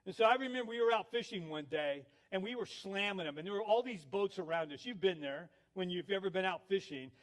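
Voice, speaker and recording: A man's voice: sits high, expressive, a little fast, hardly any pauses. A male pastor giving a sermon, telling stories with acted quotes. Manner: storytelling with laughs, acted quotes.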